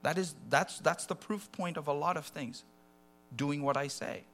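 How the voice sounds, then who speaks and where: A man preaching a sermon, animated and conversational, dropping to soft asides and rising to loud acted quotes. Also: a little high, normal speed.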